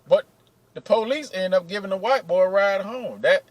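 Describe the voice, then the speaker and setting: Adult man vlogger, loose profane storytelling, fairly high-pitched, dry sound. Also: moderate pace, no room sound, poor audio. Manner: profane, animated, acts out quotes. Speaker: vlogger telling security stories. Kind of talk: casual storytelling.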